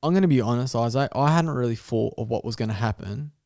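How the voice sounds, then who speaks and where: A man's voice: mid-range voice, fast talker, creaky. A man, a podcast guest telling a wild story in casual chat, swearing freely and acting out the dialogue. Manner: animated storyteller, swears freely, laughs often, acts out dialogue.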